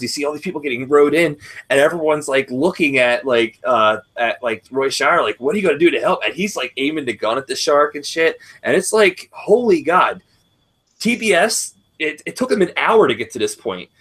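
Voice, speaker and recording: A man in his thirties, co-hosting a casual chat, telling a long profane story in a rambling, animated way. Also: a little high, normal speed. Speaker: podcast co-host.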